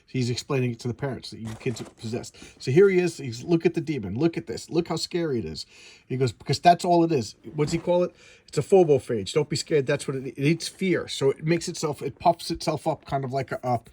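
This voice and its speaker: A man's voice: mid-range voice, fairly quick, dark tone, breathy edge. A man recapping a comic book in a casual, enthusiastic, rambling way, with many restarts.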